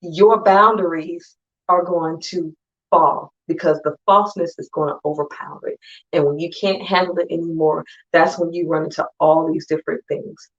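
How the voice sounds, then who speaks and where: Low, emphatic woman speaker, conversational motivational talk, dull lo-fi audio. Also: fairly even intonation. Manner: conversational and emphatic, acting out friends in quick asides. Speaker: conference speaker. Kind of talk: motivational talk to an online audience.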